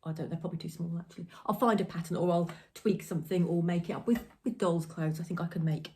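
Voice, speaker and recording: Chatty woman with a mellow voice. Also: fairly low pitch, steady tone, fast. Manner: chatty, rambling, giggly. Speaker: crafting podcast host. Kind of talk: casual chat. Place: home crafting room.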